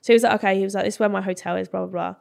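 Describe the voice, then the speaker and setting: A woman's voice: medium pitch, steady tone, rapid-fire, vocal fry, a little mellow. A young woman in her twenties, chatting casually as a podcast guest, giggly and full of fillers. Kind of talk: casual chat.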